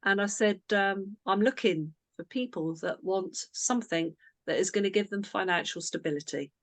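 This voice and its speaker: A woman's voice: medium pitch, moderate pace, no room sound. Woman coach chatting to her team, rambly story with asides, dry room. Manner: chatty storyteller, self-interrupting. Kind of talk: casual coaching talk with a story.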